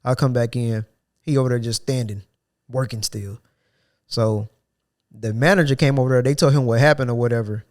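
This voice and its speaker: A man's voice: mid-range voice, fairly even intonation, normal speed, long pauses. A young man hosting a podcast, telling a work story in loose slang and acting out his coworkers' lines. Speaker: podcast host. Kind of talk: casual storytelling chat.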